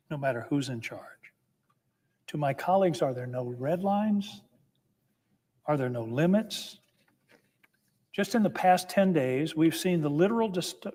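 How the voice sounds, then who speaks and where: A man's voice: a little high, a little mellow. A man giving a formal, impassioned floor speech as a senator, emphatic and building with repeated phrases. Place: legislative chamber. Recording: long reverb of a large chamber.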